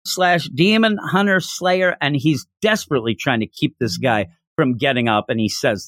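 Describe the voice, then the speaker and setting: A man hosting a podcast, retelling a chapter in an animated, enthusiastic way. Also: medium pitch, normal speed, few pauses, no echo, studio quality. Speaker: podcast host. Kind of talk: casual chapter recap.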